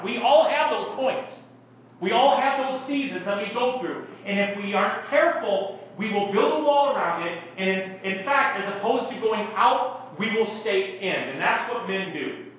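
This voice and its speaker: A man's voice: high-pitched, expressive, moderate pace, slight background noise. Guy preaching, chatty, acts out bible folks, kinda muffled hall recording. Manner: conversational preaching, acts out Bible characters, asks the crowd questions. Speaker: pastor. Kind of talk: sermon. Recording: echoey room from far off, dull sound.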